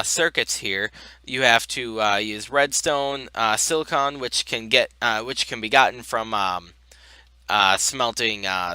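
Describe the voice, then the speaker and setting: A man's voice: mid-range voice, pushed and bright, smooth, dry recording. A tired young man in casual game commentary, rambling with lots of fillers. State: tired, yawning. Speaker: gaming video host.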